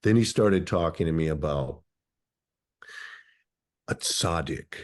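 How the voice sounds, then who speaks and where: A man around sixty from Minnesota, guest in an interview. He recounts his life story in a thoughtful, philosophical way, with a notably deep, low voice. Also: takes it slowly, darkish tone. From Minnesota, USA.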